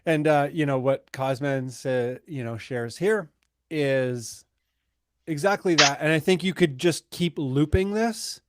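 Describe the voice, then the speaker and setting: A man's voice: fairly high pitch, a little slow, a bit bright. A man in his thirties co-hosting a podcast in casual chat, easygoing and rambling, laughing often. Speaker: podcast co-host.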